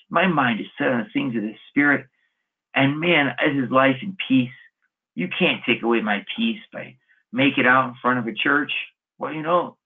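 A man's voice: on the high side, husky. A man, a Catholic monk, preaching a sermon on scripture and telling stories with folksy, chuckling asides. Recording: narrow phone-like radio sound.

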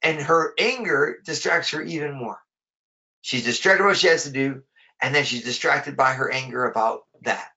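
A man's voice: medium pitch, moderate pace, pushed and bright, dull audio. A man preaching a sermon in a conversational way, often repeating words as he rephrases his thoughts.

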